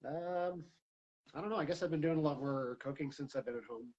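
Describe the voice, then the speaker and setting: Male guest, husky voice, hesitant, soft-spoken, muffled lo-fi sound. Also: a little high, a little fast. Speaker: podcast guest. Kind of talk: casual chat.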